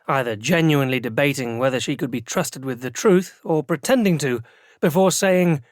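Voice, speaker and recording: A man narrating a first-person fantasy audiobook in an even, dry storytelling manner. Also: on the high side, brisk, no room sound.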